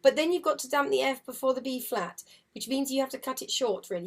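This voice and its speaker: A woman's voice: high voice, expressive, fast talker. A woman teaching a harp lesson on a video call, chatty and encouraging, singing counts and rhythms as she explains. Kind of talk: live online music lesson. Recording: loud harp music under voice. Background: harp playing.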